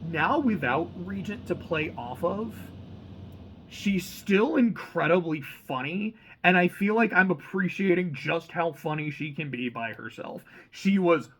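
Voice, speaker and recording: Excitable, rambling young man. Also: on the high side, measured pace, a little hiss or hum, low-quality recording. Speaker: reaction channel host. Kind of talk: casual book reaction.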